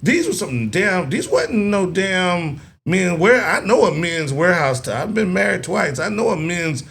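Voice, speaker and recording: A man's voice: a little slow, gravelly, slight background noise. A middle-aged man telling a story in a casual chat, acting out other people's voices now and then. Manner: animated storyteller, acts out voices in a high falsetto. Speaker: podcast co-host.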